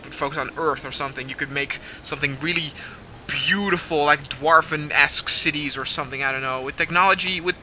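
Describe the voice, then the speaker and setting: A young man rambling excitedly and swearing casually while commenting on a game as he plays. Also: fairly high pitch, a little fast, slight background noise, rough recording. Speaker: gaming video host. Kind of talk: let's play commentary.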